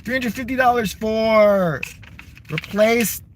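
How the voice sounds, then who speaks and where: A man's voice: sits high, slow pace, slight background noise. A man vlogging from his car, ranting in a sarcastic, profane, exasperated way. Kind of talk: casual profane rant to camera.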